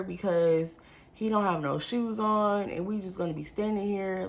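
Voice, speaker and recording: Young woman, storytime vlogger: low, gravelly, animated, speaks to viewers as y'all. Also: moderate pace. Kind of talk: casual storytime.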